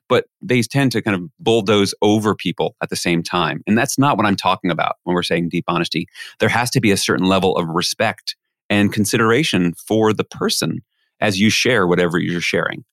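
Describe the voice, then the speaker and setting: A man's voice: deep voice, fairly quick, dry recording, clean studio sound. A man, a podcast guest, telling a story in a conversational way and acting out the voices of the people he quotes. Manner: animated, acts out quoted voices.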